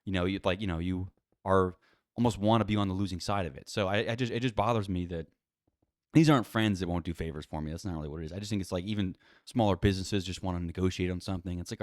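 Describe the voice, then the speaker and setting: On his own podcast, a low-voiced man rants at length, quick, casual, exasperated, and profane, packing in "you know" and "like." The recording is dry and studio quality.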